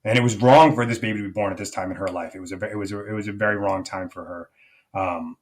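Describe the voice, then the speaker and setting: A man's voice: on the low side, steady tone, fast. A man being interviewed as a guest, a life coach telling a personal story earnestly, with many fillers.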